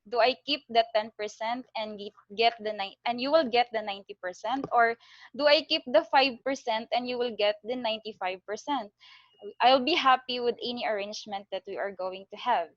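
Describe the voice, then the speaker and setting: A woman's voice: a little high, fairly quick, no room sound, natural voice. A woman voicing a humble pleading beggar man. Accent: Filipino. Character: poor pleading male beggar turned businessman. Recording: dull lo-fi dry recording.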